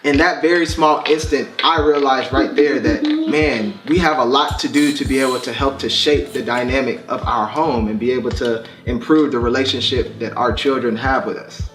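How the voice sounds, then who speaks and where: A man's voice: mid-range voice, normal speed, few pauses. Earnest father talking in an echoey room. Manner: earnest, reflective, soft-spoken with frequent fillers. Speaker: vlog host and father. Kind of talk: heartfelt family vlog talk. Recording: roomy echo, distant mic, faint music.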